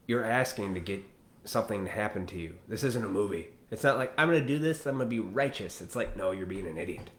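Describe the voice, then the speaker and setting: A live-stream host with a low-leaning voice, in a roomy-sounding space, rants straight at his viewers. He is blunt, profane and preachy, mimicking people in quoted asides.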